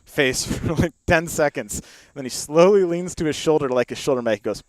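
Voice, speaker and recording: A man's voice: fairly high pitch, moderate pace, no echo. A young man telling a long story in casual chat, with lots of fillers and laughs, spoken into a studio mic. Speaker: podcast guest.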